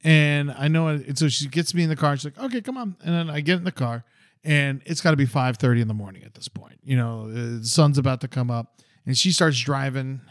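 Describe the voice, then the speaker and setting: A man's voice: mid-range voice, brisk, dry recording, studio quality. A man in his forties, co-hosting a podcast, telling a rambling, profane story in a casual chat. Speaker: podcast co-host.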